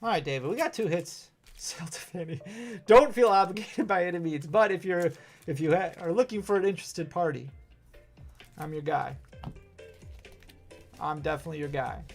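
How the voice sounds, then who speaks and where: A man's voice: a little high, moderate pace, gravelly, pauses often, soft background music. Chatty man with a Wisconsin accent. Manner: chatty and self-deprecating, laughs often. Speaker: host. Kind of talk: live-stream card-pack opening, reading chat.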